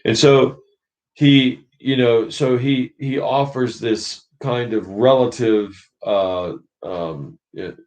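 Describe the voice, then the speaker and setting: A man leading a church book study, teaching thoughtfully and pausing to search for words. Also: medium pitch, a little mellow.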